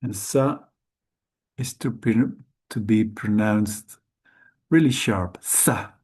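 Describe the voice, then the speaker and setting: Slow, halting Dutch man teaching letters. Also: on the low side, darkish tone, slightly rough. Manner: hesitant, halting, with frequent self-corrections. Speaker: Sanskrit teacher. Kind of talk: slow, careful lesson while writing letters.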